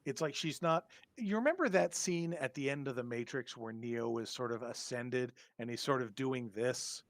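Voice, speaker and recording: A man narrates a tabletop horror session as game master, pausing often and filling gaps with "um". His voice sits at an everyday middle pitch. The sound is dry and close, with no room echo. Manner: hesitant, many filler words.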